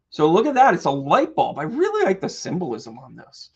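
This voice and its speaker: A man with a fairly high, gravelly voice hosts a live tarot reading and jokes with his viewers as he goes. The stream audio sounds dull and lo-fi. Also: huge pitch swings. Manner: playful and joking, quick asides and laughs. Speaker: psychic medium and tarot reader.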